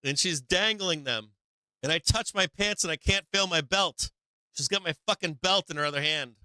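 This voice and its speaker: Bright, crisp-voiced man telling a story. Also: a little high, normal speed, no echo, low-quality recording. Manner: rambling, repeats himself, swears freely. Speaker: host of a live stock market show. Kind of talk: casual storytelling on a live stream.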